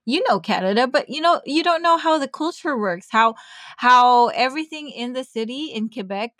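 A woman's voice: high-pitched, lively intonation, normal speed, a bit bright, no room sound, clean studio sound. Bubbly woman hosting a podcast. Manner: bubbly, enthusiastic, chatty. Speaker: podcast host.

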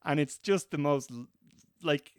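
A man's voice: on the high side, unhurried, clear, resonant tone, no room sound, clean studio sound. Man co-hosting a film podcast. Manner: animated and opinionated, leads the segments. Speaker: podcast co-host. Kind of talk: casual film discussion.

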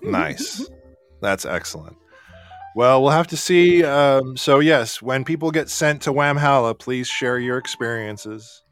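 A man of middle pitch hosting a live morning chat show, upbeat and playful as he rallies his audience. Soft music plays underneath. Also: expressive, clear, resonant tone. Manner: enthusiastic, playful, drawn-out announcements. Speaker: show host.

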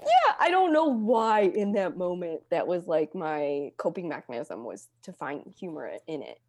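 A young adult woman telling her own story in casual talk, with deadpan jokes and lively acted-out quotes. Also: measured pace, dry recording. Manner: deadpan humor, acts out quotes with lively pitch jumps.

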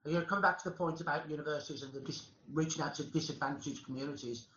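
Impassioned high-voiced Birmingham man. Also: rapid-fire, pushed and bright, roomy sound, lo-fi sound, a little hiss or hum. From Birmingham, England. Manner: passionate, emphatic, speechmaking. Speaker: historian guest. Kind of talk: conversation on a podcast panel.

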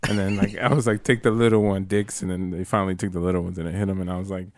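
A man's voice: sits low, little pitch movement, rapid-fire, dry recording. A young man telling loose, profane stories with slang and laughter in casual chat. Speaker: storyteller in a casual podcast chat.

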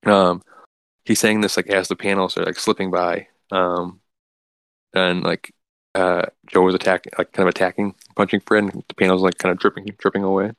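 A man with a very low, gravelly voice casually recaps a comic book story. He rambles, filling gaps with "like" and restarting his sentences. The sound is dry and close. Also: little pitch movement, normal speed, a bit bright, no room sound.

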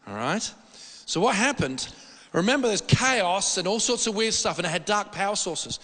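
A man preaching a sermon in a church hall, animated and repetitive, often restarting his sentences. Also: high-pitched, moderate pace. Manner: animated, repetitive, excitable delivery with frequent restarts. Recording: long reverb of a hall.

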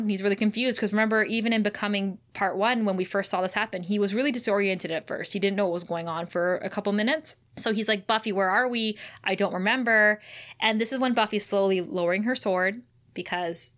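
A woman co-hosting a podcast, retelling a TV episode in an animated way and laughing often. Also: medium pitch. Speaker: podcast co-host. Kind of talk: casual recap chat.

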